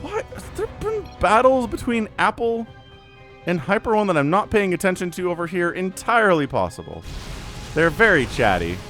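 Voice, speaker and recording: A man casting a strategy game match, animated and excitable, quickly voicing the players in asides. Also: high voice, soft background music. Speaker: game caster.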